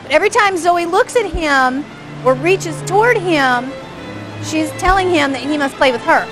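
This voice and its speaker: A high-pitched woman talks a class through dog-play footage in a chatty, engaged way. She keeps asking her listeners whether they caught each moment and chuckles often. Music plays clearly behind her. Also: lively intonation, normal speed, poor audio. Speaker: dog behavior instructor. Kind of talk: live commentary on home video for a class.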